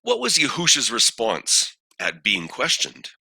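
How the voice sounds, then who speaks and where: A man teaching a scripture study lesson, posing questions and reading verses aloud in a deliberate way. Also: mid-range voice, wildly swooping pitch, creaky, bright, forceful tone, husky, no room sound. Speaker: bible teacher.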